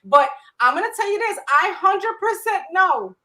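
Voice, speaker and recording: A woman's voice: extremely high pitch, sing-song, normal speed, pushed and bright, poor audio. A woman co-hosting a podcast with her husband, talking bluntly and heatedly in casual chat. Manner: blunt, heated, plain-spoken. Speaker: podcast co-host.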